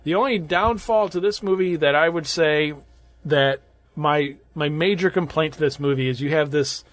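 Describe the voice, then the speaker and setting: Speaking at normal speed in a slightly high voice, a podcast co-host in his thirties or forties chats casually about a horror film he is reviewing. His talk rambles, packed with filler words and false starts.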